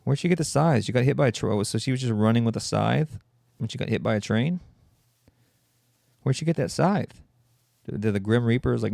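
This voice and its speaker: A man's voice: mid-range voice, brisk, gravelly, a little mellow, dry recording, clean studio sound. A man hosting a solo comedy podcast, rambling and mocking in a sarcastic tone. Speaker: podcast host.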